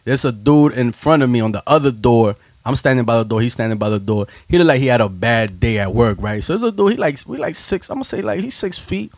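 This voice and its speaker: A man telling a funny story in casual chat, laughing and swearing, jumping into high voices when he quotes people. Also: lively intonation, fast, few pauses, no echo. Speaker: podcast host telling a story.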